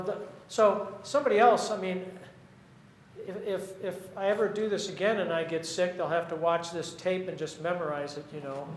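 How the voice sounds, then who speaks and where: Man, poet, audience Q&A, halting and chatty, high voice, echoey room. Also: slight background noise. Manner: chatty, halting, restarts mid-sentence. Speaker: poet reading his work. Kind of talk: audience Q&A after a reading.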